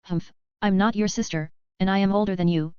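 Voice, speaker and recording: A woman's voice: medium pitch, fairly even intonation, a little fast, mellow, clear, resonant tone, no room sound, lightly acted. A touchy teenage girl mage, read by a woman. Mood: huffy. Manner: huffy, defensive lines. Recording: dull, lo-fi, dry sound.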